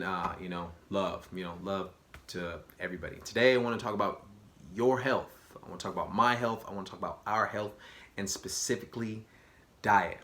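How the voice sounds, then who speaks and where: A man's voice: lowish voice, fairly bright tone. A man talking straight to camera on his own channel in a casual, slangy, emphatic way. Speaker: vlogger. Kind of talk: casual direct-to-camera talk.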